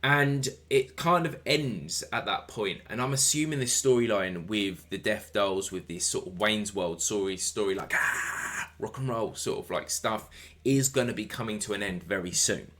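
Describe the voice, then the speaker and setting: Guy doing a wrestling recap, lowish voice, hyped, keeps repeating himself. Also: moderate pace. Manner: energetic, repetitive, addresses viewers directly. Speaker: wrestling show reviewer. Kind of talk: casual solo review.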